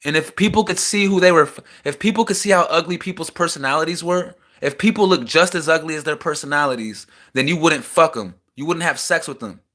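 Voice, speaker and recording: A man's voice: fairly high pitch, fairly quick, few pauses, fairly bright tone. Agitated young man venting raw feelings. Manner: raw, agitated, swings from heated to subdued. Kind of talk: emotional personal rant to camera. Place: small house, indoors.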